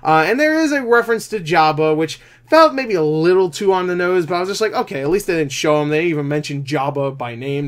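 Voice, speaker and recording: Rambling, higher-voiced male movie reviewer. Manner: rambling, filler-heavy, swears casually; excitable, quick shifts in loudness and pitch. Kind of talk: casual spoiler review talk.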